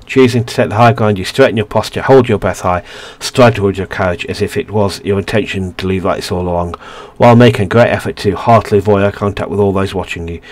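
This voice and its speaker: A man's voice: on the low side, fairly even intonation, fast, few pauses. A man hosting a let's play, reading a narrative game's story aloud with frequent stumbles and restarts.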